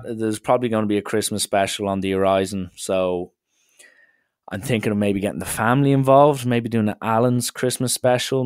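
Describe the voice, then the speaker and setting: A young man hosting a solo comedy podcast, telling stories in an animated way with swearing and acted-out dialogue. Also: lowish voice, no echo, studio quality. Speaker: podcast host.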